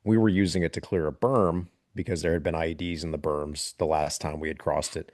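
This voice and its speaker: A military veteran guest with a very low voice, spinning a story in relaxed podcast chat. He talks in an animated way and breaks into laughter now and then. The sound is dry and close. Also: a little fast, no room sound.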